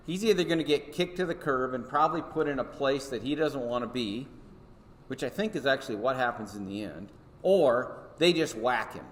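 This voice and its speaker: A man teaches a Sunday school Bible lesson in a relaxed, conversational way, often pausing to check in with his listeners. His voice sits at an ordinary middle pitch. It rings with a long reverb from a large church hall. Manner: conversational, checks in with listeners with frequent "okay?" and "right?". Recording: echoey hall.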